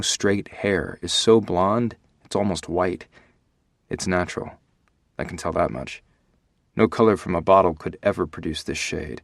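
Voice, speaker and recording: A man reading a first-person audiobook, expressive and giving voice to the dialogue. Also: low voice, creaky, dry recording, studio quality. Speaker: audiobook narrator.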